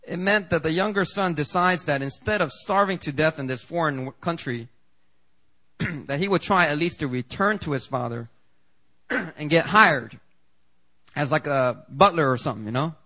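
A man gives a sermon with a bright, forceful tone and a voice pitched a little high for a man. He talks to the congregation casually, with asides and questions. When he quotes the story's people, his voice leaps up sharply. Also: expressive, moderate pace. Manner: conversational preaching, acts out quoted lines with big jumps in pitch. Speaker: pastor.

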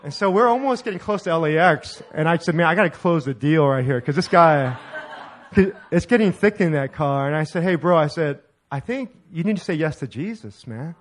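A middle-aged male pastor telling a story in a sermon, animated and laughing as he acts out the dialogue. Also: on the high side, fairly quick, slight background noise.

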